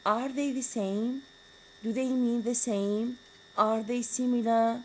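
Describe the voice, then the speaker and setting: A woman's voice: on the high side, steady tone, slow pace, slight background noise, rough recording. Woman lecturing on grammar. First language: Arabic. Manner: switches between English and Arabic, asks rhetorical questions. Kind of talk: university lecture.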